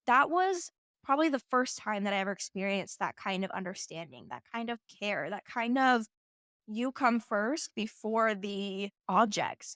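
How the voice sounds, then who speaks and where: Young woman, podcast host, higher voice, dry close sound, casual storytelling, lots of "like". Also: fairly bright tone, no room sound. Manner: chatty, frequent "like" fillers.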